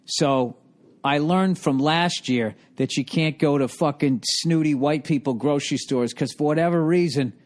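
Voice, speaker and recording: A man's voice: fairly high pitch, normal speed. A middle-aged man hosting a podcast, telling a rambling, swear-filled comic story with sarcastic exasperation. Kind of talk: casual comedic monologue.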